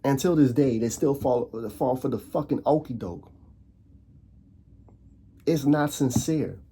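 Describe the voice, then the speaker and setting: A man from the Netherlands, a commentary vlogger, rants casually on camera, taking it slowly in a warm, medium-pitched, slightly rough voice. He circles back on himself, restarts often and fires off rhetorical questions.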